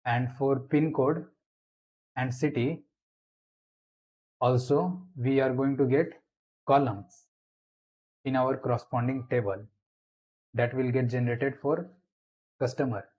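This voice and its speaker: A man's voice: medium pitch, fairly even intonation, darkish tone, rough recording. A man explaining a programming lesson step by step as he types code in a screencast tutorial. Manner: slow, step-by-step explaining while typing.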